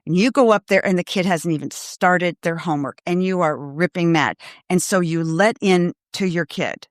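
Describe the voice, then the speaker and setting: A woman's voice: lowish voice, moderate pace, no room sound, clean studio sound. A middle-aged woman hosting a parenting podcast, talking earnestly and emphatically straight to parents in a live Q&A. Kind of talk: live Q&A advice talk.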